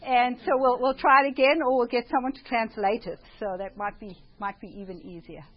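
A woman's voice: a little high, fairly even intonation, brisk, dull audio. A woman with a South African accent giving a chatty, informal talk to an audience. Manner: chatty, self-deprecating, prays before speaking. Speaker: speaker at a church presentation.

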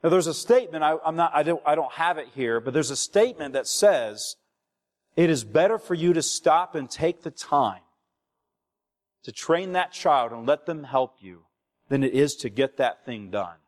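A man's voice: fairly high pitch, expressive, normal speed. A young male pastor preaching a sermon, urging the congregation and asking them for replies. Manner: exhorting, asks the congregation for replies. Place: church hall. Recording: long reverb of a church hall.

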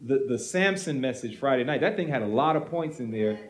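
Animated man telling a ministry story. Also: medium pitch, a little fast. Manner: animated storyteller acting out quoted voices. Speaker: pastor. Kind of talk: storytelling during a panel Q and A on ministry.

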